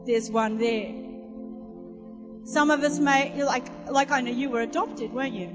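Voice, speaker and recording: Woman preacher with a high voice, an animated storyteller, recorded live in a church hall with reverb and music underneath. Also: unhurried. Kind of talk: sermon with storytelling.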